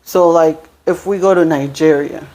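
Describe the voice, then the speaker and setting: A woman's voice: low voice, steady tone, moderate pace, warm tone. A woman guest on a talk show, speaking conversationally with fillers. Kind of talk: casual discussion.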